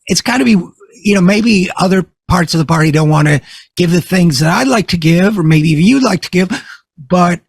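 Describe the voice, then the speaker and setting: A male interview host with a husky, somewhat high voice, telling stories in a relaxed conversational way. His voice sounds dry and close, with no room around it. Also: normal speed, dry recording. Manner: conversational storyteller, animated. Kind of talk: political interview.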